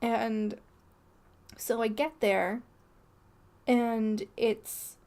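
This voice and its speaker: A woman's voice: fairly high pitch, fairly even intonation, extremely slow, darkish tone. A young woman co-hosting a podcast, telling a story in a rambling, casual way full of "like" and restarts. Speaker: podcast co-host.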